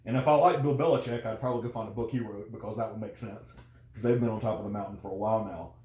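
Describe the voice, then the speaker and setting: A man's voice: lowish voice, steady tone, racing, mellow. A man chatting casually as a guest, rambling with many fillers and restarts. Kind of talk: casual conversation. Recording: roomy echo.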